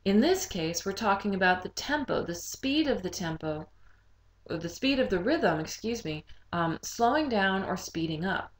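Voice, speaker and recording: A woman teaching a recorded music lesson, explaining rhythm clearly and singing short phrases to demonstrate. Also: mid-range voice, animated, moderate pace, slight background noise, low-quality recording.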